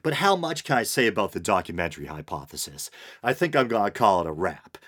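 A man with a New England accent and a very low-pitched voice, hosting his own podcast. He talks in a loose, wry way, poking fun at himself and chuckling between points. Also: sing-song, fast talker, a bit bright. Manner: wry, self-deprecating, with frequent "uh" and chuckles. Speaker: podcast host. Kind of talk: casual solo podcast monologue.

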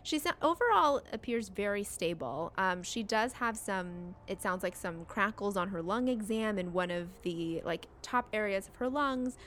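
A woman running a tabletop role-playing game, narrating scenes in a relaxed, descriptive way. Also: medium pitch, moderate pace, hardly any pauses, slight background noise. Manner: relaxed, descriptive, some fillers. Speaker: game master.

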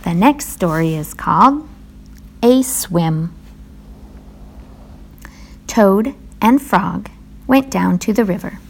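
A woman reading a children's storybook aloud in a slow, even manner. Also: medium pitch, creaky, slightly rough.

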